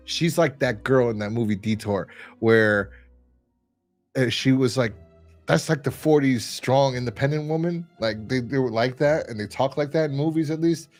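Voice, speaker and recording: A man's voice: medium pitch, moderate pace, soft background music. Chatty man retelling a TV episode. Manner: animated retelling, full of fillers and quoted lines. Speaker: podcast co-host. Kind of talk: casual chat.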